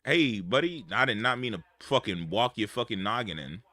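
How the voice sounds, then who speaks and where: Excitable, profane male gamer with AAVE. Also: lowish voice, moderate pace, no room sound. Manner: profane, excitable, bursts into loud outbursts. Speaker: streamer. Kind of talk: casual gameplay commentary.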